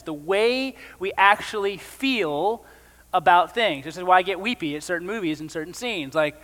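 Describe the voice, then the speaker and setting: Male pastor, high-pitched, conversational sermon delivery with jokey asides, church hall with long reverb. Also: fairly bright tone.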